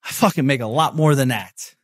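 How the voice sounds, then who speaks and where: A man's voice: medium pitch, a little fast, no room sound, clean studio sound. A man hosting his own podcast, talking in a brash, profane, salesy pep-talk monologue. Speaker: podcast host. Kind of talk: casual motivational monologue.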